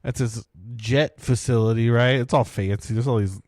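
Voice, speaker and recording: A man's voice: mid-range voice, steady tone, moderate pace, darkish tone, no room sound, studio quality. A man, co-hosting a podcast and telling a long casual story packed with fillers. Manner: rambling, many "like" and "right?" fillers. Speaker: podcast co-host.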